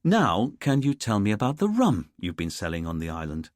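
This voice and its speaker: A man's voice: on the low side, wildly swooping pitch, moderate pace, darkish tone, dry recording, studio quality. A man voicing a fussy, pedantic male detective inspector in an audiobook, speaking in a teacherly way.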